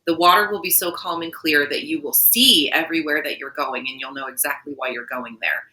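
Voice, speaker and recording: A woman's voice: low-pitched, brisk, pushed and bright, rough recording. A woman co-hosting a podcast, talking earnestly in a casual spiritual chat and telling a vivid story. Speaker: podcast co-host.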